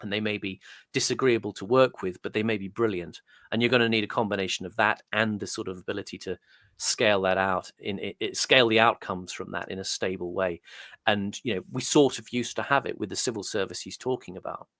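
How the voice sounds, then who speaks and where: A man's voice: lowish voice, fairly even intonation, brisk, fairly bright tone, no room sound, clean studio sound. A man as a guest, musing at length in thoughtful, rambling commentary with hesitant restarts. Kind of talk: conversational commentary.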